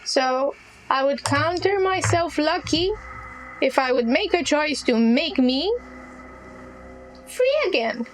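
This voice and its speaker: A woman voicing an ancient, scornful female astral being with an old, crackling voice, talking slowly and condescendingly. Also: high-pitched, animated, pitched above the performer's own voice. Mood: menacing. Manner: slow and condescending.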